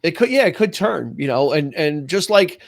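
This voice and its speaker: A man in casual podcast chat, talking in halting bursts with many restarts. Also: fairly high pitch, sing-song, gravelly.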